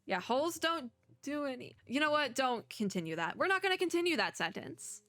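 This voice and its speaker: A woman giving giggly, animated gameplay commentary as she reads game dialogue aloud. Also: sits high, brisk, dry recording, studio quality. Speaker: game streamer.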